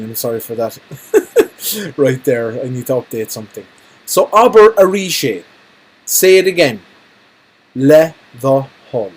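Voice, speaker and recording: Teacher, male, husky, patient and jokey, drills phrases for kids. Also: mid-range voice, dark tone, rough recording. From Ireland. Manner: jokey, repeats phrases slowly for learners. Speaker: Irish language teacher. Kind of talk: recorded language lesson.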